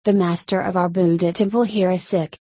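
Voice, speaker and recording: A woman's voice: fairly low pitch, fairly even intonation, warm tone, no echo, close to an everyday voice. A woman reading as a frantic temple disciple. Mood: pleading. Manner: rushed, pleading, talking non-stop. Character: anxious woman temple disciple calling for help.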